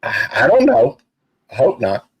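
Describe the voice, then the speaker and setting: A man's voice: mid-range voice, huge pitch swings, measured pace, husky, no room sound, low-quality recording. A man speaking earnestly and emphatically on a casual live panel, with some playful teasing.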